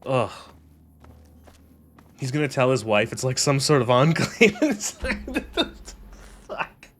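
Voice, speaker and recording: A man's voice: mid-range voice, wildly swooping pitch, unhurried, fairly bright tone, slight background noise. A young man on a gaming stream, rambling sarcastically with lots of swearing and laughter. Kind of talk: casual gaming stream commentary.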